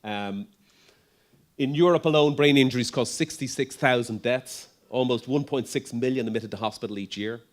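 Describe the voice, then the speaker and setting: A man's voice: mid-range voice, normal speed. A middle-aged man, a neurologist giving a conference presentation in a conversational way, with frequent ums, restarts and light humor.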